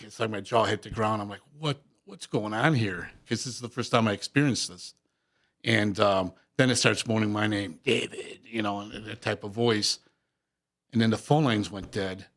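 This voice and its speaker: A man, a paranormal investigator, telling a spooky story in a casual radio interview, halting and full of restarts. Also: lowish voice, a bit bright. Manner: halting, many restarts and fillers. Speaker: paranormal investigator and police officer.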